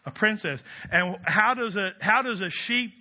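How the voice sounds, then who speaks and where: A man delivers a storytelling sermon in a high, bright voice. He keeps it animated and playful, surging into loud, excited peaks before settling back down. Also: a little slow. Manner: animated, jokey, rising to excited shouts. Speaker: preacher.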